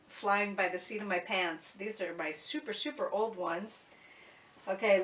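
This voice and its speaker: A woman's voice: mid-range voice, a bit bright. A woman talking casually in a book vlog, chatty and blunt, poking fun at herself. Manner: chatty, blunt, self-mocking. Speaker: booktuber. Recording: echoey room, mic at a distance.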